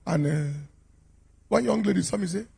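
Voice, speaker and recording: A pastor preaching a sermon to a congregation in a declamatory, call-and-response style, urging people to shout amen. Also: male voice, high-pitched, moderate pace, vocal fry, slightly rough. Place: church service with a congregation.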